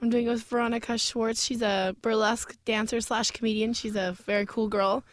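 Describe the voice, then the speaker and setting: A woman comedian co-hosts a radio talk show, animated and swearing as she tells stories. Her voice sits high for a woman. The recording is dry and close. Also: a little fast, no room sound. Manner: swearing, animated, acts out quotes. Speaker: comedian and co-host. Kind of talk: casual comedic banter. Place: radio studio.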